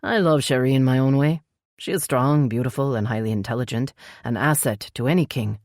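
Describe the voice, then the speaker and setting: Gruff stern elf prince, as a woman reads him. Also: a bass voice, brisk, a little mellow, dry recording, clean studio sound. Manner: gruff, curt, growling. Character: brooding male elf crown prince, stern.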